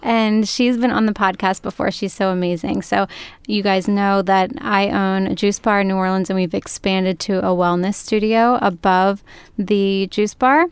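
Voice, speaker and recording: Gushing woman podcast host, smooth and dry. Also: medium pitch, steady tone, normal speed, few pauses, dry recording. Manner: effusive, many "like" fillers. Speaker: podcast host and juice bar owner. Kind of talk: casual podcast chat.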